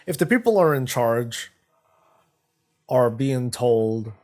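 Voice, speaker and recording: A man's voice: mid-range voice, expressive, takes it slowly, a little mellow. A man hosting a live stream, talking casually in a rambling way, often restarting his sentences. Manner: rambling, frequent restarts and stumbles. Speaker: streamer host.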